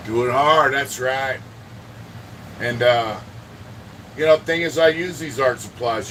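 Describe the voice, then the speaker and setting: Guy rambling on his livestream, swears a lot, shouts out viewers, mic kinda far off, ac humming. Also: medium pitch, slight background noise. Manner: profane, rambling, greets viewers by name. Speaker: livestream host. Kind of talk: casual livestream chat. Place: indoor home art studio.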